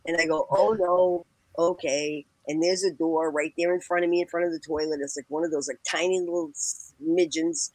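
A woman's voice: steady tone, moderate pace, few pauses, a little mellow, no echo, rough recording. A woman telling a personal story with animation, acting out the people she quotes and laughing as she goes. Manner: acts out quoted people with big pitch jumps, laughs while talking.

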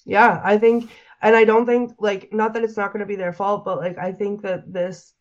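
A woman's voice: medium pitch, flat delivery, normal speed, dull audio. A woman guest describing a frightening paranormal experience in an interview, rambling and full of "like" and restarts. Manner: rambling, heavy use of "like", restarts. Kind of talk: emotional interview storytelling.

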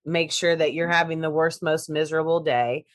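A woman co-hosting a podcast in casual chat, animated and laughing often, restarting her sentences as she goes. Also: low-pitched, normal speed.

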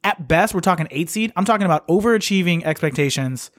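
A man with a slightly higher voice than most chats about basketball on a podcast. He talks conversationally, hedging and correcting himself mid-thought. The recording is dry and close. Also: expressive, fast, dry recording. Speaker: podcast co-host. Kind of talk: casual sports chat.

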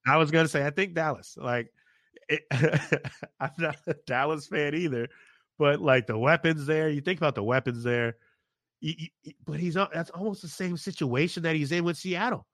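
A man's voice: a little high, normal speed, a bit bright, dry recording, studio quality. A man co-hosting a casual sports podcast, blunt and opinionated in his takes. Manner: blunt, opinionated, laughs often. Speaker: podcast co-host.

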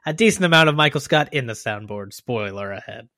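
A man's voice: medium pitch, animated, bright, forceful tone, no echo, studio quality. A man hosting a fantasy football podcast, chatting and joking casually with his co-host. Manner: joking, quick banter with a friend. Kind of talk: casual chat.

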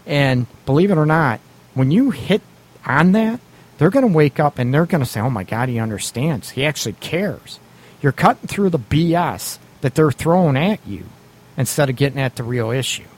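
A man's voice: fairly high pitch, expressive, normal speed. Blunt, laughing male radio advice host. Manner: blunt, swears casually, laughs often, acts out quoted lines. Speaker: radio show host giving relationship advice. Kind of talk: casual radio talk.

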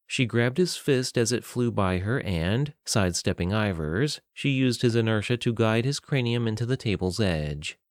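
A man reading a fantasy story aloud as narrator, in a steady, measured way. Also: on the low side, no room sound, clean studio sound.

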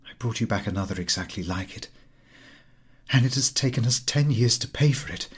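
A man's voice: medium pitch, a little fast, slightly rough. A man reading a story, voicing a worn working woman hardened by poverty, who speaks plainly and earnestly.

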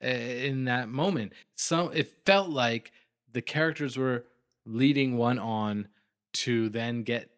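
A man co-hosting a casual podcast chat about a film, relaxed and a bit hesitant. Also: medium pitch, slow. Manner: laid-back, hesitant, laughs along. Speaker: podcast co-host reviewing a film.

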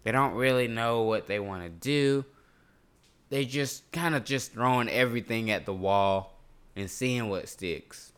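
A man's voice: medium pitch, unhurried, fairly bright tone, clear, resonant tone. A man co-hosting a casual podcast chat, joking, swearing and laughing often. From North Carolina. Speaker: podcast co-host.

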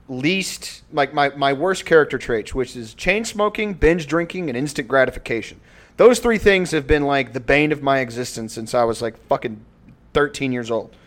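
A young man co-hosting a podcast, chatting loosely and profanely, joking through an ad read. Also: on the high side. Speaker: podcast co-host. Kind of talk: casual podcast chat with ad read.

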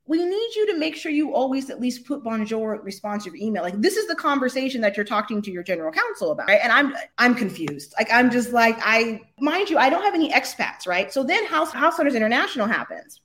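Middle-aged American woman, interview guest, lively and laughing, slightly high pitch. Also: fairly quick, hardly any pauses. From United States. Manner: animated, laughs often, acts out quotes. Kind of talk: casual storytelling.

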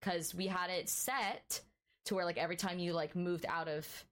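A woman co-hosting a podcast, telling a story in a casual, animated way and filling her speech with "like". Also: on the low side, moderate pace. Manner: animated storyteller, heavy use of "like", acts out dialogue. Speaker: podcast co-host.

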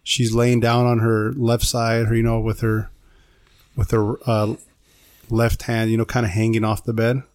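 A man's voice: mid-range voice, monotone, unhurried, a little mellow, dry recording. Rambling casual man telling a story, dry sound. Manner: rambling, says "dude" a lot. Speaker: podcast co-host telling a story.

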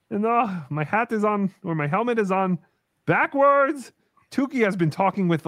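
A man's voice: high-pitched, animated, moderate pace, fairly bright tone, no echo, clean studio sound. A man hosting a livestream, talking in casual, joking, exclamatory chat and sounding tired. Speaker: livestream host.

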